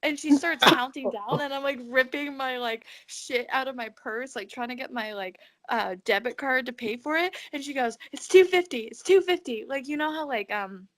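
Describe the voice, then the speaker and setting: A woman's voice: sits high, moderate pace, few pauses. A teenage girl co-hosting a podcast, telling a dream story in casual chat, acting out the other voices and swearing freely. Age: teens. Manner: animated, acts out quoted voices, swears. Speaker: podcast co-host.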